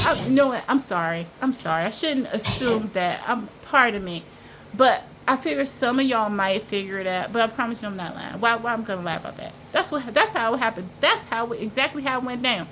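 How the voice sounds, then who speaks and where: A woman's voice: sits high, lively intonation, moderate pace, a bit bright, slight background noise, rough recording. A woman vlogging in casual storytelling mode, emphatic and repetitive, insisting again and again that she is telling the truth.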